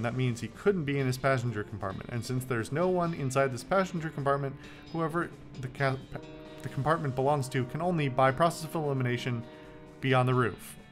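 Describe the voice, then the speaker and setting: A man hosting a video game playthrough, reading the game text aloud with playful commentary in a wry, joking, rambling way. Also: mid-range voice. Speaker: let's play host.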